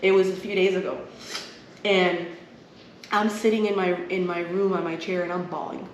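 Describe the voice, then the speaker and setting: A woman's voice: on the low side, flat delivery, moderate pace, muffled recording. A woman co-hosting a podcast, telling personal stories in an earnest, open, emotional way. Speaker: podcast co-host. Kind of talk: casual chat. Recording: echoey room, faint noise.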